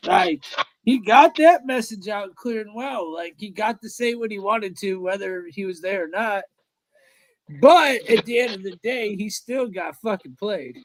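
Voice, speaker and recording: Male stream host with a high voice, laid-back and profane, a loud crowd behind him. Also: expressive, measured pace, low-quality recording. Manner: loose, emphatic, swears a lot. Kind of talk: casual profane chat. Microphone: streaming call.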